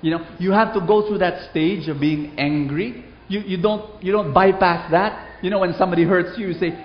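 Brief: lively male preacher, sermon with stories, slightly high voice, muffled roomy hall. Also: normal speed, few pauses, a faint crowd, slight background noise. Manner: animated, call-and-response. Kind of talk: sermon with storytelling. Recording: roomy, dull hall recording.

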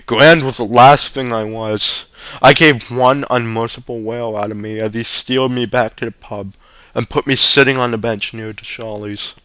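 A man reading a short story aloud, steady but stumbling now and then. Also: on the low side, dry recording. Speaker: reader.

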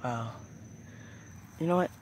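A man's voice: mid-range voice, takes it slowly, background noise. A young man vlogging outdoors at night on a phone, narrating casually and exclaiming in squeamish alarm about bugs. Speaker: nature vlogger.

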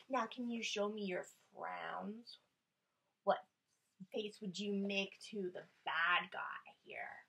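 A woman reading a picture book aloud to children, gentle and coaxing, often dropping to a soft whisper and inviting the little listeners to join in. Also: mid-range voice, takes it slowly, gravelly, breathy edge, low-quality recording. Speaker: children's storyteller.

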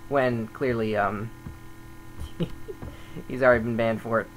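A man chatting casually over his gameplay, grumbling and thinking aloud as a server admin. His voice sits at an ordinary middle pitch. A faint electrical hum runs underneath. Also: fairly even intonation, slow pace, rough recording.

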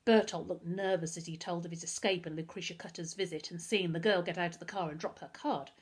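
Husky woman reading a children's novel. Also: lowish voice, steady tone, brisk. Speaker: storyteller.

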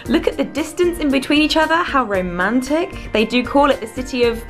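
A woman's voice: high-pitched, a little fast, soft background music. A young woman, chatting jokily in a travel vlog. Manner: jokey, playful, animated. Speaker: vlogger. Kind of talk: casual vlog chat.

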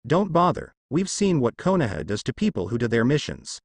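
A man's voice: medium pitch, very animated, brisk, breathy edge, no room sound. A man voicing a scornful ninja commander. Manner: scornful, snapping. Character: stern, hostile male ninja commander.

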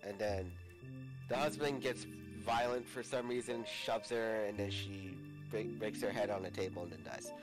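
A man's voice: on the low side, moderate pace, low-quality recording. A young man hosting a podcast, chatting casually in a rambling way, swearing and laughing often. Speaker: podcast host. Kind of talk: casual chat. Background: music.

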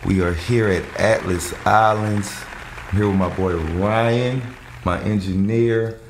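A man's voice: fairly low pitch, steady tone, slow, a little hiss or hum. A man hosting a podcast interview, laid-back and slangy, hyping up his guest. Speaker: podcast host. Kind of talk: casual interview chat. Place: studio.

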